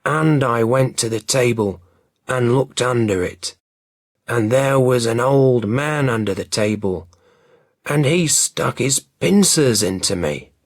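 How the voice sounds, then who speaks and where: A man's voice: mid-range voice, lively intonation, no room sound, clean studio sound. A man voicing a frightened male robber who has run back out of breath and complains in a rush. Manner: rushed, fearful complaining.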